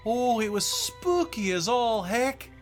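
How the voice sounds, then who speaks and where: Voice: mid-range voice, big pitch swings, slow, faint music behind, voice pushed up. A game master voicing a fussy male scarecrow with lobster claws, theatrical and apologetic, in a mock Scottish-Irish brogue. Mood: chatty.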